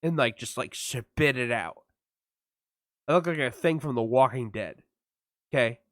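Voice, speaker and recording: A man's voice: mid-range voice, unhurried, dry recording, clean studio sound. A man co-hosting a podcast, telling a story with lots of swearing and acted-out voices. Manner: animated storytelling, acts out voices, swears a lot. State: numb mouth after dental work. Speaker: podcast co-host. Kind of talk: casual chat.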